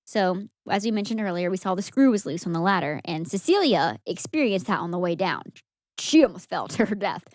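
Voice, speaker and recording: A young woman co-hosting a podcast, recapping a movie in casual chat and acting out the characters' lines in an animated way. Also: on the low side, a little fast, no echo, studio quality. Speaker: podcast co-host.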